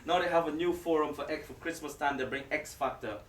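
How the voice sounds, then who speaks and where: An Islamic preacher with a slightly high voice talks fast in a lively lecture, joking and addressing the live audience directly. Recorded with a distant mic in an echoey lecture hall, the audio carries slight background noise.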